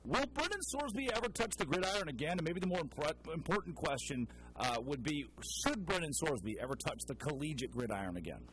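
A man's voice: on the high side, sing-song, a little fast, few pauses, fairly bright tone, a little hiss or hum, poor audio. A man hosting a national sports radio show, interviewing a guest in a joking, upbeat way.

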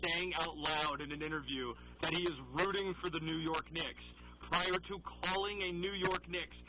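Raspy high-voiced man on sports radio. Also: noisy background. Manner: animated, rapid opinionated talk. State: raspy in the morning.

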